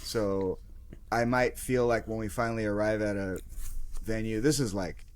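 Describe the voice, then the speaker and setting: A man's voice: on the low side, fairly even intonation, moderate pace. A man hosting a music podcast, a touring musician himself, talking in a laid-back, drawling casual chat.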